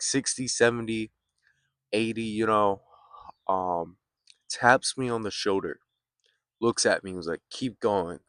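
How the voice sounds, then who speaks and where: A young man talks to his viewers in an easygoing, rambling way, filling the gaps with plenty of fillers. His voice sits a bit low. The sound is dry and close. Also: a bit bright, no room sound. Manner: laid-back, rambling, lots of fillers. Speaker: vlogger. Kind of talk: casual vlog talk. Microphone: phone or camera mic, built-in mic.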